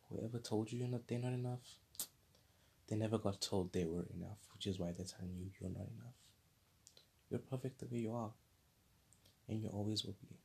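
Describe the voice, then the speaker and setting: A man with a low voice, gravelly and a little husky, delivers an unscripted monologue as host of his own show. He speaks earnestly, rambles, and circles back to repeat his points. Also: mellow. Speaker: podcast host.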